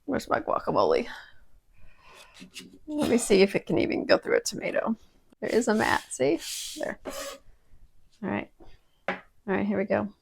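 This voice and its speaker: A woman's voice: mid-range voice, wildly swooping pitch, moderate pace, gravelly, long pauses, slightly rough. A woman casually testing kitchen gadgets at home, chatty and prone to dramatic exclamations. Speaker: product-testing vlogger. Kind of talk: casual kitchen product review.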